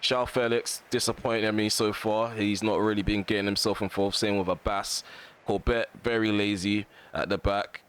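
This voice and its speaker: A man with a fairly low voice commentates live on a football video game, venting his frustration at lazy players and the referee. His voice jumps higher at shots and goals, and a faint hum sits behind him. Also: normal speed. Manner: excitable bursts at chances and goals. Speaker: gaming commentator.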